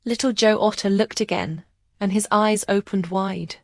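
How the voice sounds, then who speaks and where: A woman's voice: mid-range voice, steady tone, unhurried, dry recording. Woman reading a storybook, dry sound. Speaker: narrator. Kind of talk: scripted storybook narration.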